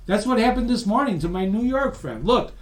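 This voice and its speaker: A man presenting a webinar as a lively, emphatic storyteller who speaks straight to his audience. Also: high-pitched, a little fast, echoey room. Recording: voice distant from the mic.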